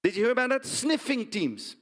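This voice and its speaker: An actor with a Dutch accent plays a blunt, indignant pig farmer in a stage monologue, often tagging lines with "huh?" and "right?". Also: male voice, very high voice, brisk, heavily acted. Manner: blunt, animated storytelling with frequent "huh?" and "right?" tags. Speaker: stage performer. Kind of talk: theatrical monologue.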